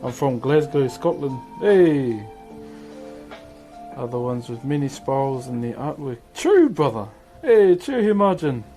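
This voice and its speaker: A man with a New Zealand accent, a streamer casually chatting with viewers while woodcarving, laid-back and quick to laugh. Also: mid-range voice, sing-song, mellow, soft background music. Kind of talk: casual livestream chat answering viewers.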